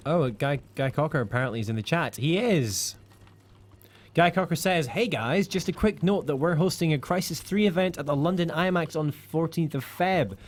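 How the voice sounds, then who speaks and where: A man's voice: fairly high pitch, normal speed. A man from the United Kingdom co-hosting a live game stream, chatting casually and reading out viewer comments.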